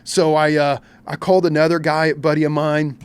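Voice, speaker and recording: A man's voice: a little high, fairly quick, clear, resonant tone. A middle-aged man from Kentucky, a fishing captain, telling a story as a podcast guest and acting out his own reactions. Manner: animated, acts out his own reactions in quotes.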